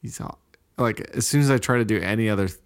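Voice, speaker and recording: A man co-hosting a podcast in casual chat, making dry, low-key puns. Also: fast. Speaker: podcast co-host.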